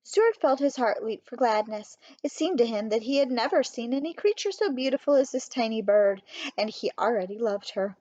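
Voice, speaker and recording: A woman reading a children's storybook aloud in a steady, clear way. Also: on the high side, normal speed, dry recording. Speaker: audiobook reader. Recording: dry, slightly muffled.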